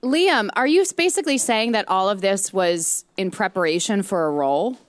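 A woman's voice: mid-range voice, expressive, moderate pace, dry recording, studio quality. A woman co-hosting a comedy podcast, asking wry, mock-serious questions. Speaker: podcast co-host. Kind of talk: casual comedy banter.

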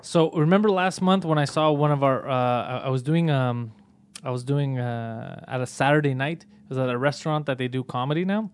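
A man who does stand-up comedy, telling stories in a casual podcast chat, profane and animated. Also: mid-range voice, fairly quick, smooth, dry recording. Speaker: podcast host.

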